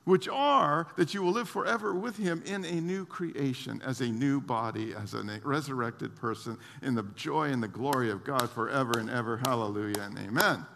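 Man, conversational sermon, crisp bright tone, long church reverb. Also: medium pitch, normal speed, few pauses, slight background noise. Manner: conversational preaching with frequent restarts and acted-out quotes. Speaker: pastor. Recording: long reverb of a large hall.

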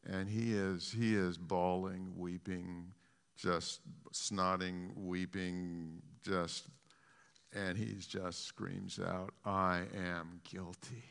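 A man preaching a sermon with passion, swinging from hushed to loud and emphatic, repeating and restarting phrases. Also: sits low, level tone, very slow, vocal fry, clear, resonant tone, long reverb tail.

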